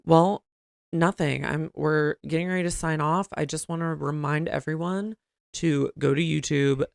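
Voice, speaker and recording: A man's voice: a little high, fairly even intonation, normal speed, creaky, smooth, no echo, clean studio sound. A man hosting a casual chat podcast, campy and profane, often slipping into sung and mimicked voices. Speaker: podcast host. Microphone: studio mic.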